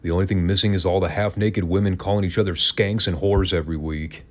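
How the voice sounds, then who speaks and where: A man's voice: deep voice, flat delivery, fast talker. A man hosting a podcast, giving a casual, opinionated and sarcastic wrestling review. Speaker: podcast host.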